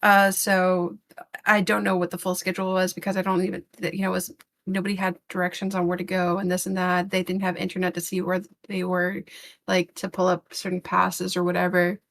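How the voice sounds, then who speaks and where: A woman with a low voice and a gravelly, fry-edged tone, talking through a loose podcast chat. She rambles, circles back over her own words and drops casual swears in blunt frustration. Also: completely flat delivery, fairly quick, fairly bright tone, a little hiss or hum. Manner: rambling, with many fillers and restarts. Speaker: podcast co-host.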